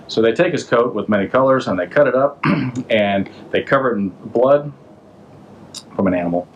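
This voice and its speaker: A podcast host casually retelling a Bible story in a loose, slangy, conversational way, stopping to ask the listener questions. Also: male voice, medium pitch, moderate pace, muffled recording.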